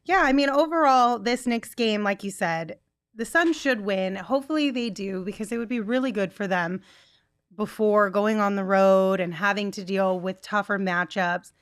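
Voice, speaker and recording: A woman co-hosting a casual sports podcast, upbeat and brisk, running through the team news smoothly. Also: mid-range voice, no echo, clean studio sound.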